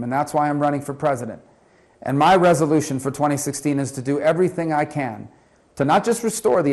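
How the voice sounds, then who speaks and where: Upbeat man with a slightly high voice. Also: darkish tone. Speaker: senator and presidential candidate. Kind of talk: scripted campaign greeting.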